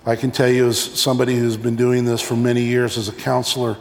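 A man's voice: mid-range voice, quick pace, creaky. A male pastor preaching a sermon, telling stories and acting out little scenes along the way. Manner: animated storytelling, acting out examples. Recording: echoey hall.

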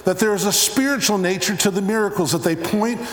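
Man, pastor, sermon, higher voice, animated storytelling, roomy echo. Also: a little fast. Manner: animated storytelling, acting out examples. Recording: echoey hall.

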